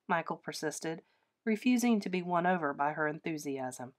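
A woman narrating a children's ghost story aloud in an expressive, gently paced read-aloud style. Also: low voice, moderate pace.

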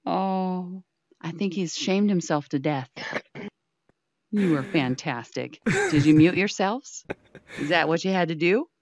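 A woman's voice: on the low side, lively intonation, measured pace. A woman hosting a casual VR chat show, teasing her guests with theatrical mock outrage and cooing baby talk. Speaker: show host. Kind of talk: playful improvised VR chat banter.

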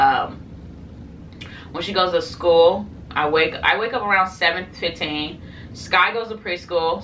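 A woman's voice: lowish voice, pushed and bright. Chatty young woman vlogging while eating. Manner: chatty, rambling, lots of fillers and "you guys". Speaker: mukbang and reaction channel host. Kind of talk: casual chat to camera while eating. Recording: slightly distant mic with faint room noise.

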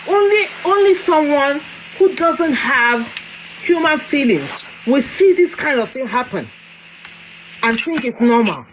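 A woman's voice: high-pitched, sing-song, unhurried. A woman hosting a casual chat, talking in an emotional, indignant way. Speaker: host. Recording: noisy background.

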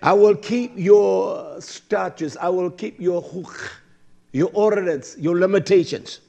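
A man preaching a sermon, quoting and expounding scripture, swinging from shouted high exclamations to low murmurs. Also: creaky, dull audio. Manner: quotes and expounds scripture, drawn-out emphatic words.

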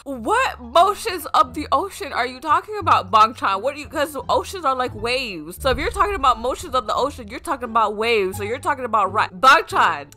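A woman's voice: medium pitch, pushed and bright. A woman vlogger reacting to a music video in a dramatic, exclamatory, teasing way while crying. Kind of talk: casual reaction chat. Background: music playing.

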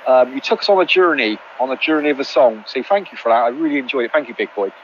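A man judging a singing contest over a video call, giving measured, appreciative feedback. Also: medium pitch, a little hiss or hum. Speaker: contest judge. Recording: slightly muffled online call audio.

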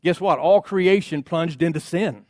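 In a church sanctuary, a pastor with a high voice delivers a sermon full of emphatic, rhythmic repetition and frequent call-outs to the congregation. He speaks unhurriedly, and the recording is close and dry with almost no room sound.

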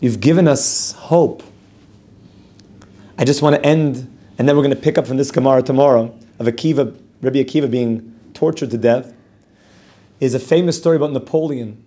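A man's voice: mid-range voice, fast, mellow. A man teaching an outdoor Torah class as a rabbi. He tells stories with energy and repeats phrases for emphasis. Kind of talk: spoken Torah lesson with storytelling. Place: outdoors at a lookout over a city.

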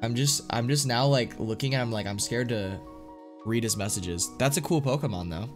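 A man streaming live, chatting casually and excitably to his viewers, full of slang. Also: mid-range voice, moderate pace, over music. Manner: excitable, slangy, says dude a lot. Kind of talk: casual live-stream chat while opening card packs.

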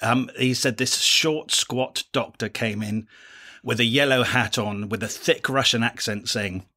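A man's voice: medium pitch, unhurried, sharp tone. Earnest man co-hosting a book podcast. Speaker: podcast co-host. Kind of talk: casual book-discussion chat.

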